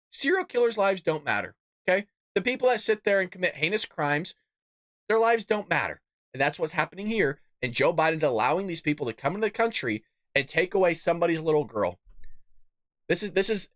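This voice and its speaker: A man rants on his own political show, angry and cursing freely. He sometimes mimics opponents in a mocking voice. His voice sits high, and the sound is close and dry. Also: a bit bright, dry recording. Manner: angry, profane ranting. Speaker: podcast host. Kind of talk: political rant.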